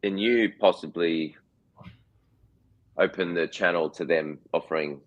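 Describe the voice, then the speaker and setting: A man's voice: low-pitched, unhurried, muffled recording. An Australian man in his forties, a guest actor chatting in an interview, rambling with lots of restarts and repeated words. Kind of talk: casual interview chat.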